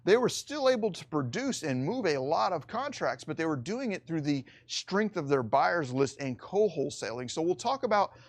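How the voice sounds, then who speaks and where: A middle-aged man teaching a recorded real estate lesson, explaining step by step and slowing down to stress key points. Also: a little high, very animated.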